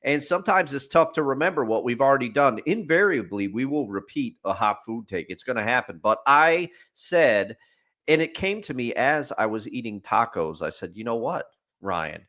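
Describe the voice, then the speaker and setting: Male co-host, mid pitch, very lively intonation, playful banter. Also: moderate pace. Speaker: podcast co-host. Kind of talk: casual sports chat.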